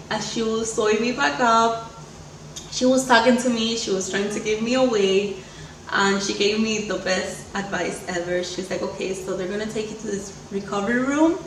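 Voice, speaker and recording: A young woman tells a personal story with chatty, animated energy, slipping into the voices of the people she quotes. Her voice sits a little off the mic in an echoey room with faint background noise. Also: a little high, recorded from a distance. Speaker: vlogger.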